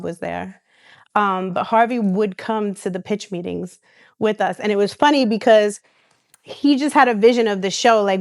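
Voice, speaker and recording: Animated storytelling woman with a smooth voice. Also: medium pitch, no echo, studio quality. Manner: animated storyteller who acts out quoted voices, with restarts and laughs. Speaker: reality TV star and guest. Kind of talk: casual storytelling interview.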